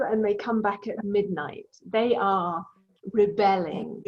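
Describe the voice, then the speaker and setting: A woman's voice: mid-range voice, steady tone, takes it slowly, darkish tone. A woman teaching an online English class, patiently explaining vocabulary with examples. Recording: dull lo-fi sound.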